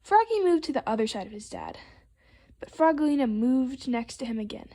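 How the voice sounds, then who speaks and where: A woman reading a picture book aloud to children, expressive and playful with the sound words. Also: high-pitched, a little fast. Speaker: storytime reader.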